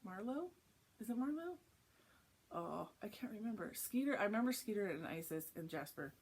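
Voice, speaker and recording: A woman's voice: medium pitch, sing-song, moderate pace, slight background noise. A young woman chatting casually on a cross-stitch vlog, rambling through a story with lots of asides. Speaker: flosstube vlogger. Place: home, early morning.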